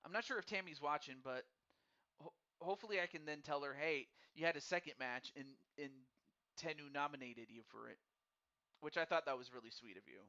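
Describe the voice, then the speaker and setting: A man's voice: fairly high pitch, brisk, pushed and bright. A man hosting a live wrestling game stream, chatting casually and friendly with viewers, often stammering and repeating words as he thinks aloud. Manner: friendly and addresses viewers directly. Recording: dull lo-fi recording.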